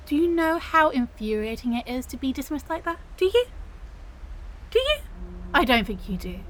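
A woman's voice: high-pitched, big pitch swings, moderate pace, fairly bright tone, a little hiss or hum, poor audio. A woman voicing a touchy young female otter-girl supervillain who protests indignantly and trips over her words in an audio role-play. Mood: flustered denial. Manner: indignant, flustered, protests too much and stumbles over words.

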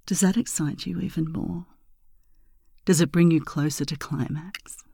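An erotic audio performer in a whispered role-play, speaking in a slow, teasing, breathy murmur that swells into loud moans. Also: mid-range voice, fairly even intonation, no echo, studio quality.

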